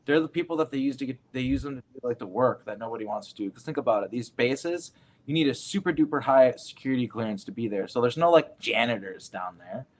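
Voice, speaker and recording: A man's voice: mid-range voice, expressive, fast talker. A man in a casual round-table chat, rambling and earnest, with many fillers. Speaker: guest.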